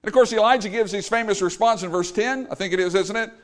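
A man preaching a sermon, emphatic and animated, paraphrasing scripture and acting out the quotes. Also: sits high, fast. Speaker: pastor.

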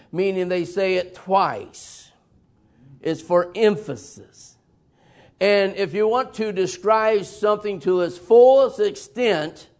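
A man preaching a folksy, emphatic sermon in a church, with sudden loud bursts and chuckles. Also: high voice. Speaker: pastor. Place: church sanctuary.

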